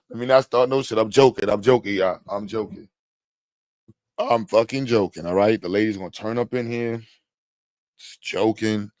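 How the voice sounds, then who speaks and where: A middle-aged man hosts a casual livestream. He jokes and rambles, breaking into loud bursts and laughs. The sound is dry and close to the mic. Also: fairly low pitch, moderate pace, long pauses, no echo. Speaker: livestream host.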